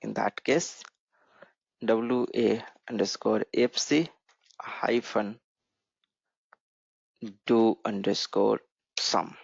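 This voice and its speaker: This programming instructor has a fairly low, slightly rough voice with vocal fry, fairly even intonation, drawn-out words, and frequent pauses. He walks through on-screen code in an explanatory way, often asking "right?", recorded dry on a dull lo-fi mic.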